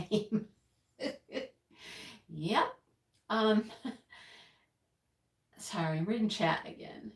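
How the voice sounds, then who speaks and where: A woman's voice: mid-range voice, echoey room. A woman hosting a casual livestream, chatting and rambling as she reads the chat aloud, often laughing. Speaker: livestream host.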